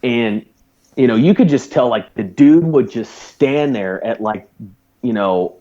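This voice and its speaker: A man's voice: medium pitch, a little slow, dull audio. A man in his thirties, a former Navy corpsman, telling a profane story animatedly as a guest on a casual podcast. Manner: profane, animated anecdote telling with put-on quotes.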